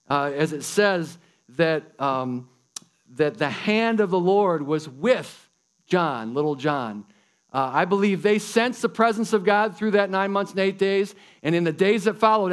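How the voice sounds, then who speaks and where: A man pastor preaching a sermon in a casual, enthusiastic way. He calls his listeners guys and folks. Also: fairly high pitch.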